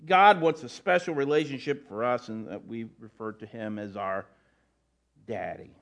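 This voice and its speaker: A man's voice: medium pitch, moderate pace, a bit bright. Conversational male pastor preaching. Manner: conversational preaching with frequent restarts and asides. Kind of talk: sermon.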